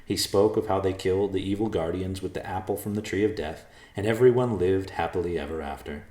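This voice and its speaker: A man narrating a storybook chapter with a steady, expressive reading. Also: deep voice, brisk, reverberant. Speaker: audiobook narrator.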